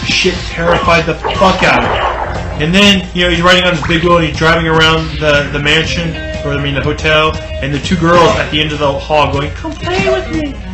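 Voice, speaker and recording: A man tells a funny story in a rambling, cursing way, with his voice sitting slightly high. The sound is roomy, with music running underneath. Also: steady tone, brisk. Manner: rambling, profane, full of "like". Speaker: podcast co-host. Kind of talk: comedic storytelling. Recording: roomy podcast audio with music behind.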